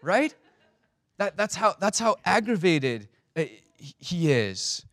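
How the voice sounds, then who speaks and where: A man's voice: high voice, big pitch swings, unhurried, a bit bright. A man giving a sermon as a pastor, speaking conversationally with many stammered restarts and fillers.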